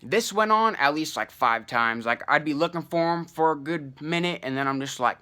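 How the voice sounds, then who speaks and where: A young man telling a wild personal story in casual, profane slang, full of fillers and animated asides. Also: fairly high pitch, moderate pace, smooth.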